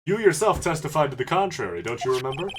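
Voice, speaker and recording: Woman voicing a cocky male game lawyer, very low and animated, music underneath. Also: fast, noisy background. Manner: low put-on "deduction voice", theatrical. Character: male defense lawyer, confident, showy. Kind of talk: fan voice-over of a game.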